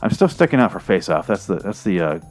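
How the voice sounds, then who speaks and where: A man's voice: sits low, very animated, fast, darkish tone, soft background music. A man hosting a movie review show, rambling in an exasperated, profane rant. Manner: rambling, exasperated, swears freely.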